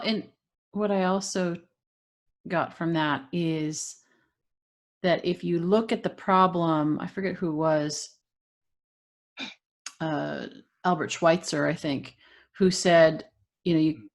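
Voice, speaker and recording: A woman hosting a podcast interview, reflecting aloud with some hesitation. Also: deep voice. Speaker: podcast host. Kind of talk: interview conversation.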